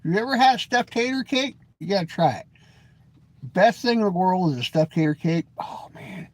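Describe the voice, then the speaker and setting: A man from the Pacific Northwest hosting a casual, rambling live stream, folksy and joking, calling himself grumpy. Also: moderate pace. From Washington state. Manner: lively pitch swings, mimics voices in anecdotes.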